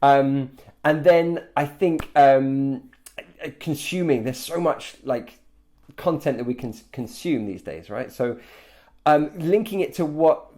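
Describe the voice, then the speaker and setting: A man's voice: medium pitch, slow. A man who teaches English, chatting casually with many fillers and restarts. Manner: relaxed, rambling with many fillers. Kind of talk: casual chat.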